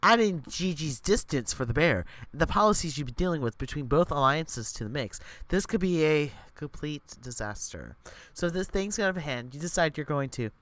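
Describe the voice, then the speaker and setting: A man streaming live as he reads out a story game, excitable and animated. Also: a little high. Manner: excitable, animated, quick to gasp and laugh.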